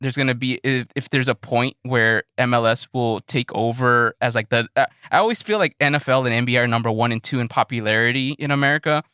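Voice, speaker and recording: A man's voice: mid-range voice, fast talker, hardly any pauses, pushed and bright, clean tone, no room sound, studio quality. A man co-hosting a podcast, asking a long, rambling question in a casual way. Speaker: podcast co-host. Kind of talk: casual interview chat.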